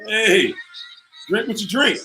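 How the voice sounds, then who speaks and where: A man from the D.C. area hosts a casual live stream, greeting viewers by city in an upbeat, chatty way. His voice sits high and bright and he talks at an unhurried pace. The room is echoey, with faint music playing behind him. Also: expressive. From Washington, D.C. area. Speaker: host of a live online show.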